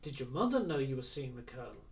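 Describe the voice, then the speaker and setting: A man reading aloud and voicing a wry grown man who questions and gently teases. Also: medium pitch, big pitch swings, fast, vocal fry, recorded from a distance. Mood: curious. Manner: bantering, gently teasing.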